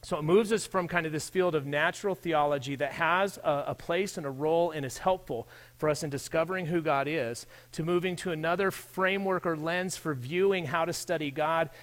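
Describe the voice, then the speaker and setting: Male pastor, relaxed sermon delivery, speaks straight to the congregation, pitch a touch high. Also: fairly quick, hardly any pauses. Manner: conversational, addresses the audience directly.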